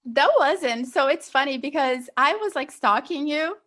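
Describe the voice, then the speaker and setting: Brief: young woman podcast guest, slightly higher pitch, earnest, rambling storyteller full of fillers. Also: lively intonation, a little slow, fairly bright tone. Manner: earnest storytelling, many fillers like "like" and "you know". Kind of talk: casual conversational interview.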